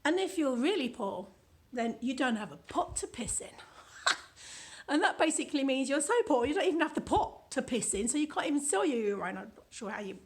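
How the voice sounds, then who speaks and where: A woman's voice: high voice, lively intonation, brisk. A British woman with a chatty, playful manner, casually reading from her own book and adding commentary. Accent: British English. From United Kingdom.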